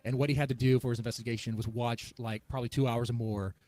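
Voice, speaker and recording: A man speaks quickly and casually on a live stream, retelling a conversation and quoting the other side. His pitch sits in the middle range. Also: fairly even intonation, a little mellow. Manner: fast, retells conversations with quoted voices. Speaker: streamer guest. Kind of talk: casual stream chat, storytelling.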